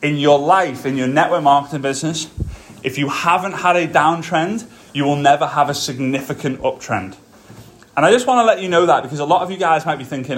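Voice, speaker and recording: A man's voice: on the high side, brisk. A man hosting a motivational podcast, talking straight to his listeners in an emphatic coaching manner, a little out of breath. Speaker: podcast host.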